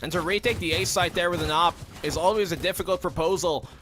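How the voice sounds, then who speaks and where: A man's voice: sits high, fast talker, fairly bright tone, slight background noise. A man casting an esports match, breaking down the plays as they happen. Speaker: esports caster. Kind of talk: esports commentary.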